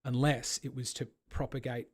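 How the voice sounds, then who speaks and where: A man's voice: medium pitch, flat delivery, normal speed, slightly rough. A man hosting a casual online debate, arguing in long, rambling runs of rhetorical questions. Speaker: host of an online discussion.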